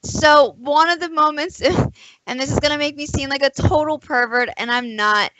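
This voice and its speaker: A young woman co-hosting a casual show, telling an animated story and acting out both sides of an old conversation. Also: sits high, moderate pace, no echo, poor audio. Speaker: podcast co-host. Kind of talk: casual chat.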